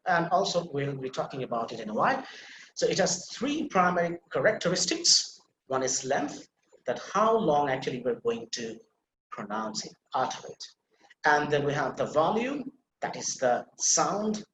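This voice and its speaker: A man's voice: fairly high pitch, reverberant, a little hiss or hum, rough recording. A man with a Bangladeshi English accent teaching an English pronunciation class over a video call, explaining with many fillers and restarts and calling on students. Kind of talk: online class lecture.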